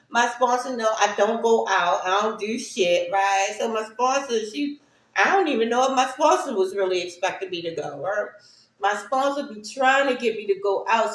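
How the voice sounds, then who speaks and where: A woman casually telling a personal story to her viewers, chatty and often checking in with "right?". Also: mid-range voice. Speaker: speaker sharing personal stories. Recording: roomy echo.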